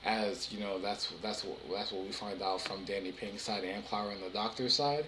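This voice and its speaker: A young man talks through a TV episode in a loose, rambling way, stumbling over restarts and fillers. His voice is bright and pushed forward, a little low. The sound bounces around an echoey room. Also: steady tone, normal speed, a little hiss or hum. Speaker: TV episode reviewer. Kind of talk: casual episode recap.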